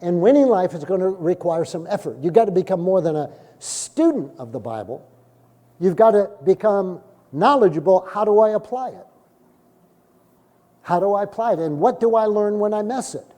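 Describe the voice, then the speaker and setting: A middle-aged male pastor preaching a sermon, telling stories and acting out the dialogue, with sudden loud bursts. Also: sits high, lively intonation, normal speed. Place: church sanctuary. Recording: long hall reverb from a church.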